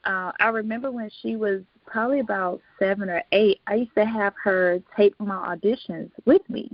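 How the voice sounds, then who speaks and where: A woman's voice: medium pitch, normal speed, no echo. Reflective woman telling her story. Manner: reflective storytelling, laughs often. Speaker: podcast guest, actor. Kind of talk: casual interview chat. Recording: dull lo-fi podcast audio.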